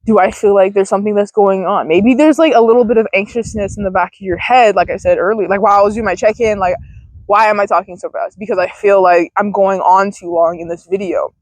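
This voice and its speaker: She speaks fast at medium pitch, and the audio is poor but echo-free. A young woman filming herself in a field on a handheld phone, she rambles through casual mindfulness tips, swearing now and then.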